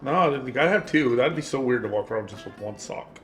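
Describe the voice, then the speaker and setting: A man guest telling a casual personal story, halting and restarting. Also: mid-range voice, lively intonation, a bit bright, faint music behind.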